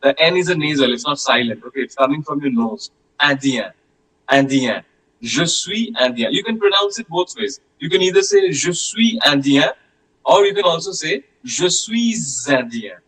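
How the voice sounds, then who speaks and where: Bright-voiced man teaching French. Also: on the high side, animated, poor audio. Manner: patient, repeats words slowly for pronunciation. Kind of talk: online class lecture.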